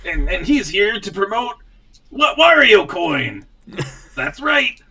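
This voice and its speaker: A man voicing Wario as a greedy, brash pitchman who shouts his sales lines. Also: sing-song, takes it slowly, slightly rough, exaggerated voice. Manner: loud hard-selling shouting. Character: brash greedy male pitchman villain, loud.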